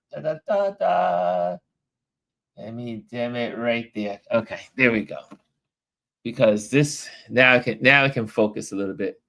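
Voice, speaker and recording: Chatty man hosting a livestream. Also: medium pitch. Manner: chatty and rambling, with animated quoted voices. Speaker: livestream host. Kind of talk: casual late-night livestream chat.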